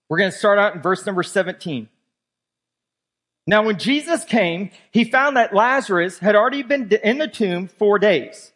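A man's voice: sits high, a bit bright. A male pastor preaching a sermon. He reads scripture aloud and talks emphatically as he walks his congregation through the verses.

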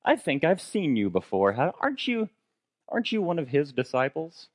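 A man's voice: a little high, wildly swooping pitch, normal speed, dry recording, studio quality, voice pushed up. A man putting on a prying young servant girl. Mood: accusing. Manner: pressing, accusing questions.

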